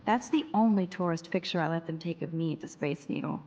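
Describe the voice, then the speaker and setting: A woman's voice: on the low side, fairly quick, lo-fi sound, close to an everyday voice. A woman voicing a shy young photography student. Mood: musing. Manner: quiet, self-mumbling inner monologue. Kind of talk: video game dialogue.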